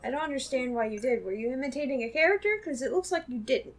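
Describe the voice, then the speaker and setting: A woman's voice: high-pitched, expressive, quick pace. A woman chatting casually off-camera, asking puzzled, probing questions. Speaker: off-camera companion. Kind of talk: casual chat.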